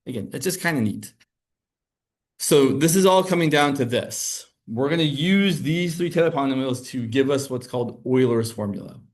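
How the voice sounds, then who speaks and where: A male math teacher lecturing a class in a relaxed, conversational way, explaining step by step as he writes on the board. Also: medium pitch, moderate pace.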